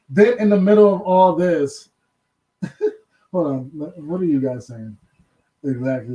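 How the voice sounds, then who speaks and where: A man's voice: medium pitch, mellow, rough recording. A man hosting a casual commentary show on celebrity news, chatting loosely and breaking into laughing asides. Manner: chatty, laughing asides, reads quotes aloud. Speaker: host.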